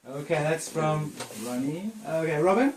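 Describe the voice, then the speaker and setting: A man's voice: on the high side, animated, unhurried, darkish tone, a little hiss or hum. A male interviewer in a casual chat who laughs often and keeps things playful. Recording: echoey room.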